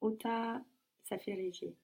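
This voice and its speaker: A woman's voice: on the high side, steady tone, slow, gravelly, a little mellow, slightly rough. A woman learning a language, answering prompts carefully and tentatively, sometimes restarting a word.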